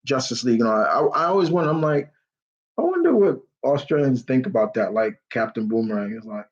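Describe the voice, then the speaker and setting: Guy rambling on a live q&a, excited, lots of um and like, kinda muffled lo-fi sound. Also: medium pitch, brisk. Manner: enthusiastic, rambling, many fillers and restarts. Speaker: host of a live Q&A stream. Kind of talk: casual rambling chat.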